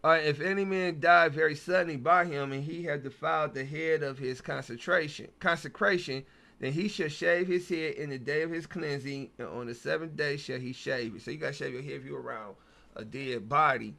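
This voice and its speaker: Slangy man reading scripture, bright voice. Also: a little high, a little fast, gravelly. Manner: reads verses aloud, then riffs in loose slangy talk. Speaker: Bible study host. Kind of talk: casual scripture reading and commentary.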